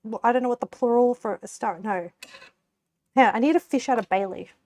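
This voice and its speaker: A woman's voice: fairly high pitch, brisk, a little mellow. A young woman from Australia chatting casually to her viewers as she cooks on a live stream, giggling often and rambling with lots of "like" fillers. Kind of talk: casual chat while cooking on a live stream.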